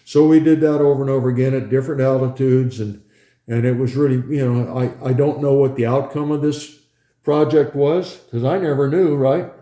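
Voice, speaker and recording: An older man, once a pilot, reminisces in a relaxed, chatty way, chuckling often and acting out the scenes as he goes. His voice is dark and mellow, at a middling pitch for a man. The sound is roomy, with a clear echo around him. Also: fairly quick. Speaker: former pilot recounting a research flight. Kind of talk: casual reminiscing storytelling.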